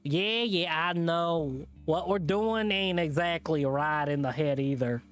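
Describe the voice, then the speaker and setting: A man voicing a menacing male hillbilly animal thug while reading a visual novel aloud, in a slow, drawling, threatening way. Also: a little high, clear, resonant tone, faint music behind, voice pushed up.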